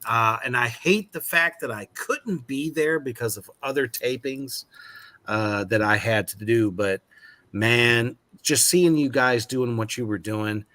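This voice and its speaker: Slow-talking man with a bright voice. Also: medium pitch. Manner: slow, emphatic, swears a lot. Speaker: actor guest. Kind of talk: casual podcast chat.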